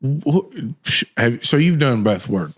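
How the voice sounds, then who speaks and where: Animated, slangy man telling a story. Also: mid-range voice, unhurried. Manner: animated, laughing, slangy and profane. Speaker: podcast host. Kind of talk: casual storytelling chat.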